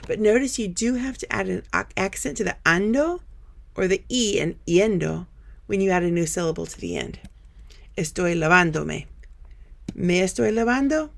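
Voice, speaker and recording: A woman gives a step-by-step Spanish grammar lesson. Her voice sits low, with a gravelly fry at the ends of phrases. She explains patiently and keeps telling students to pause and try it themselves. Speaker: Spanish teacher. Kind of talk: grammar lesson over slides.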